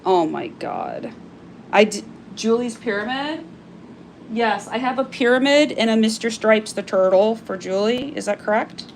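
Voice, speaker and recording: On a casual live-stream sale, a fairly high-pitched woman shows off crystal carvings at normal speed, chatty, gushing and full of fillers. Slight background noise can be heard.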